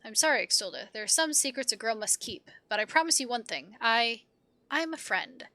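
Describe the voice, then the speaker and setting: A woman's voice: on the high side, lively intonation, no room sound. A woman voicing a wounded young woman who speaks faintly and hesitantly from hiding. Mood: pleading. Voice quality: faint, soft-spoken. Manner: hesitant, halting pleas.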